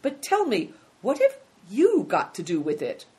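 A woman's voice: mid-range voice, wildly swooping pitch, unhurried, a little mellow, voice pushed up. A woman reading a storybook aloud and voicing a poor, polite, clever country boy. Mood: earnest. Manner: polite and earnest.

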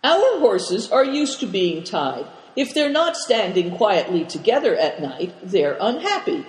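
A man voicing an earnest young companion in a story reading, speaking slowly and deliberately, in a roomy space with long reverb. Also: high-pitched, big pitch swings.

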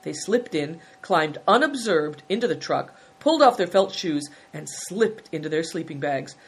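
A woman narrating a children's adventure story in a calm, measured reading. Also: fairly low pitch.

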